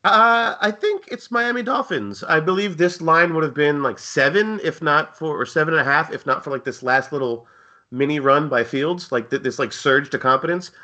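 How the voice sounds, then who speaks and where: A man's voice: on the high side, moderate pace, sharp tone, muffled recording. A man co-hosting a casual sports betting chat, rambling and jokey with lots of fillers. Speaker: co-host.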